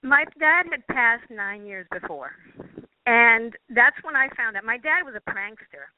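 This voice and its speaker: A woman guest, a quantum healing practitioner, telling a personal story in an earnest, halting way, often restarting her phrases. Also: fairly high pitch, animated. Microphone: phone or call line. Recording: tinny dry phone line.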